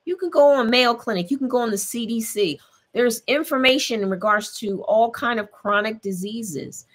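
A woman's voice: fairly high pitch, normal speed. Earnest woman hosting a health podcast. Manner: earnest, repetitive, speaks straight to listeners. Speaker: podcast host. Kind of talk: encouraging health talk.

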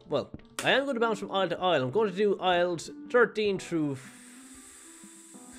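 Male gamer, let's play commentary, high voice, swings wildly in pitch, swears, mock outrage, faint game music. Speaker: gaming video creator.

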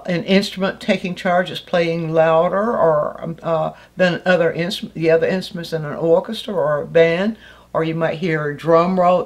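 An older woman giving a casual art lesson as a teacher, talking in a thoughtful, conversational way with frequent fillers and restarts. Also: on the low side.

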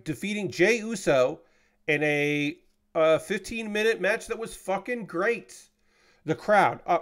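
A man's voice: sits high, fairly bright tone. A young man streaming as he builds a model kit, chatting casually and rambling with frequent fillers and casual swearing. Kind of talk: casual chat.

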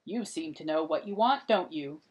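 A woman's voice: sits low, expressive, normal speed. A woman reading the part of a bearded, joking medieval parchment maker who teases a girl, in a storybook read-aloud. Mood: teasing.

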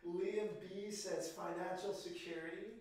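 High-voiced man reading chat, hesitant. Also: steady tone, measured pace, a little mellow, roomy sound, poor audio. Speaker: co-host reading viewer comments. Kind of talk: livestream comment reading.

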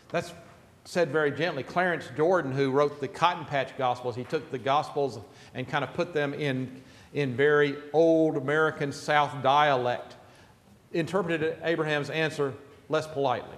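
A man's voice: fairly high pitch, fairly even intonation, moderate pace, reverberant, long reverb tail. A man pastor preaching an earnest, emphatic sermon in a church sanctuary.

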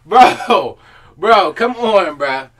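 A young man reacting to a video on a stream, talking casually with slang and swearing, loud and excitable. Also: high voice, extremely slow.

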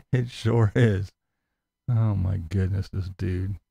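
Sarcastic, gravelly man ranting on a stream. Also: deep voice, slow, warm tone. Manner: sarcastic, mocking, swears freely, laughs often. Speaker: YouTube commentary host reading live chat. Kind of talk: live-stream commentary rant.

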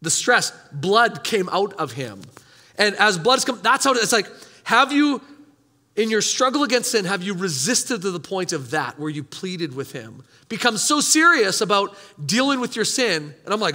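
A man with a high, bright voice preaches a sermon to his congregation, casual in tone but emphatic. He keeps turning to the room with rhetorical questions. The sound has the long, ringing reverb of a church hall. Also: big pitch swings, normal speed. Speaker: pastor.

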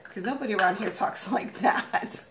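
A woman in her thirties hosts a casual live makeup tutorial at home, chatting and rambling in a morning voice and clearing her throat frequently. Her voice is medium-pitched and a bit bright, her pace moderate, and the sound roomy.

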